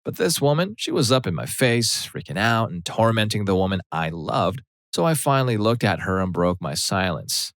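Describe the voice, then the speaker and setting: A man narrating a personal story aloud in a steady, matter-of-fact way. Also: fairly low pitch, moderate pace, hardly any pauses, no echo, clean studio sound.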